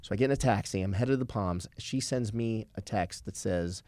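A man's voice: lowish voice, moderate pace, hardly any pauses, darkish tone, dry recording. Profane storytelling man, close dry mic. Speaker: podcast co-host. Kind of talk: casual storytelling chat.

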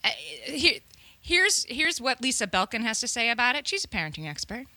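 Woman cohost explaining stuff earnestly, super bright sharp tone, dry close sound. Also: fairly high pitch, very animated, fairly quick, no room sound. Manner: earnest, explaining, with frequent restarts. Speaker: podcast co-host. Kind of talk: casual chat.

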